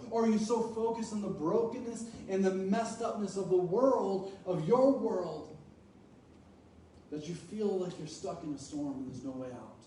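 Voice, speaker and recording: Man preaching, high voice, mellow tone, heard from a distance in an echoey hall, soft then loud and pleading. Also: normal speed, slight background noise. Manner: acts out playful asides in a casual voice. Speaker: pastor. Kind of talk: sermon. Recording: echoey room, mic at a distance.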